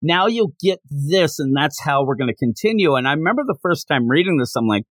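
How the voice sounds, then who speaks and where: A man's voice: on the high side, a little fast, hardly any pauses, no echo. A man hosting a podcast, chatting casually and acting out lines as he retells a comic chapter. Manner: animated storyteller, acts out quotes. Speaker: podcast host. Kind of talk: casual chat recapping a manga chapter.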